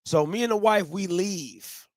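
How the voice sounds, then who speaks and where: A man's voice: sits high, measured pace, no room sound. A man from Ohio telling a casual, slangy story to his viewers, repeating and restarting phrases as he goes. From Ohio, USA. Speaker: vlogger.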